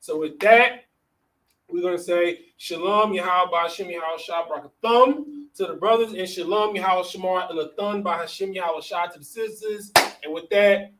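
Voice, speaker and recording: A man's voice: high voice, normal speed, a bit bright. A man teaching a religious class, reading verses and explaining words in a casual way, often checking in with "all right?" and "you know what I'm saying?". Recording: distant mic with faint noise.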